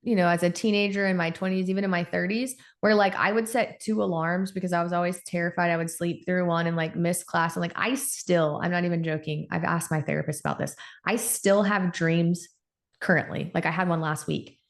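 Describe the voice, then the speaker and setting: A woman in her forties, an endocrinologist guest on a podcast, telling stories in an animated, conversational way. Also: on the low side, brisk. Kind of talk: casual podcast interview.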